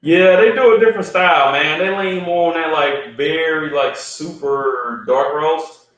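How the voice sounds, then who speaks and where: A man's voice: a little high, measured pace, a bit bright, lo-fi sound. Chill coffee guy explaining his pour-over, far from the mic in a super echoey room. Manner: laid-back, explains step by step, says "man" a lot. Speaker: coffee roaster guest. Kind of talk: casual chat and brewing demo.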